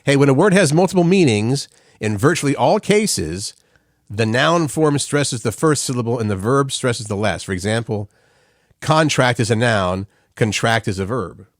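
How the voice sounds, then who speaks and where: Joking male morning-show co-host, lively pitch. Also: normal speed, no room sound, studio quality. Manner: joking, reads facts aloud with playful asides. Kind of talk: casual morning radio banter.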